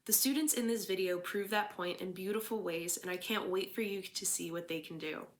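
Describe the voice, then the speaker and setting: Measured woman teacher with a Philadelphia accent. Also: medium pitch. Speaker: English teacher introducing a school assembly. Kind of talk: formal address and poem recitation.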